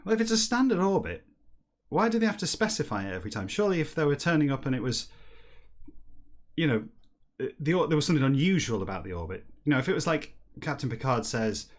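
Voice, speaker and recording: Chatty man with a lively pitch. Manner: chatty, rambling and wry, breaking into silly slow-read dialogue. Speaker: host reading a book backwards for comedy. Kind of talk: livestreamed comedic reading and chat.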